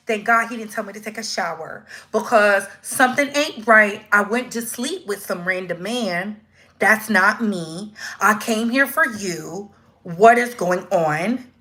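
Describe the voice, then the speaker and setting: In a mid-range voice, a woman offers animated, slang-filled commentary on a casual live stream, performing the voices of whoever she quotes.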